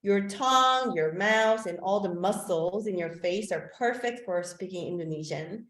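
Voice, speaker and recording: A woman's voice: medium pitch, unhurried, fairly bright tone. A woman teacher whose first language is Korean, talking through a webinar over a call mic. Her voice sits in the middle range, and she talks in a casual, meandering way full of "like" and "um". The sound bounces around a reverberant room. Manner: chatty, loose delivery with frequent "like" and "um". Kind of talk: online teacher-training talk. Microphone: video call microphone. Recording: echoey room.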